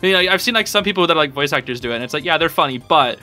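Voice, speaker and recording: A man hosting a casual podcast, talking in an excitable, rambling way and laughing often. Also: on the high side, very fast, soft background music. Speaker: podcast host.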